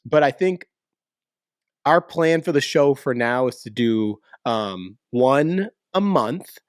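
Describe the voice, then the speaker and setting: A man hosting a podcast in casual, energetic chat, joking and hyping up his co-host. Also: medium pitch, slow pace, clean tone, no room sound, clean studio sound. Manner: energetic, hype, jokey.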